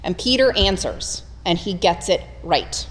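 A woman preaching a conversational, humorous sermon, retelling scripture with animated storytelling. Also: on the low side, measured pace, big-room sound.

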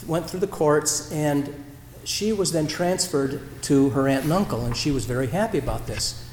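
A male pastor delivers a reflective sermon in a slightly higher voice, pausing and restarting as he tells a story. His words ring out with long reverb across a large church hall, and faint ambience sits behind him. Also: a little mellow, slight background noise. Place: church sanctuary. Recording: roomy church hall echo.

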